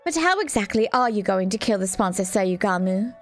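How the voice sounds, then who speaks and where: A woman's voice: medium pitch, expressive, fairly quick, faint music behind, natural voice. A woman voicing a polite, curious young woman in a game who expects to die soon.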